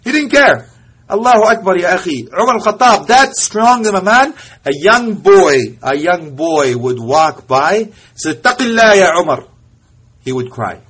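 A male preacher telling a story in a sermon, impassioned, often dropping to a hush and mixing in Arabic phrases. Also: high voice, big pitch swings, moderate pace, husky.

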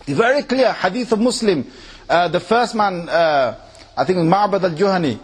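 Man, preacher, informal sermon, husky, high voice, big pitch swings, mimics people, quizzes the audience. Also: normal speed. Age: adult, married with three kids. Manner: animated, mimics people, asks the audience questions.

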